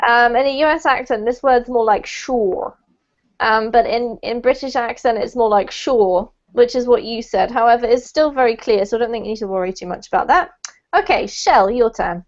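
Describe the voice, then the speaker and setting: A woman with a fairly high voice leads a pronunciation class over a video call, encouraging her students. The audio is dull and muffled. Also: brisk. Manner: encouraging, gives gentle feedback. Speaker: pronunciation teacher. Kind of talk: online group pronunciation class.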